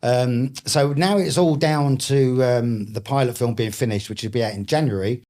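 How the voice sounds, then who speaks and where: A man's voice: medium pitch, moderate pace, a little mellow. A middle-aged man with a Cockney accent, a guest chatting casually and telling jokey, swear-filled stories. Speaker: guest, author and actor. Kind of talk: casual interview chat.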